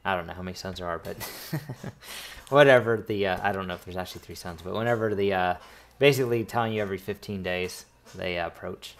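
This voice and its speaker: A man's voice: low-pitched, brisk, fairly bright tone, slight background noise. A man narrating as game master of a tabletop game, rambling with many restarts.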